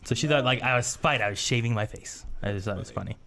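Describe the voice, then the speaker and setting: Man, podcast co-host, quick talker, casual storytelling, acts out quotes. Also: mid-range voice, sharp tone. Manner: storytelling, quotes others in raised voice. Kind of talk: casual chat.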